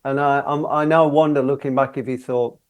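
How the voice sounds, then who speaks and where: A man in his sixties, a guest singer telling stories in a relaxed interview, chatty and often laughing as he talks. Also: mid-range voice, a little fast, lo-fi sound. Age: 60s.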